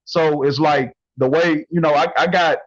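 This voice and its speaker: A man's voice: a little high, steady tone, moderate pace, no room sound, muffled recording. A man calling into a livestream, talking in a laid-back, slangy way. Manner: laid-back, slangy, addresses listeners as "bro" and "y'all". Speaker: caller on a livestream. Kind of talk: casual chat.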